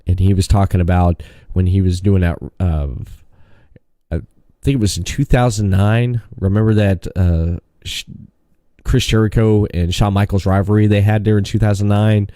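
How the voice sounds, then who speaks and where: Male podcast host, low and mellow, easygoing with his guest. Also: fairly even intonation, moderate pace, no echo, studio quality. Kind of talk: casual chat.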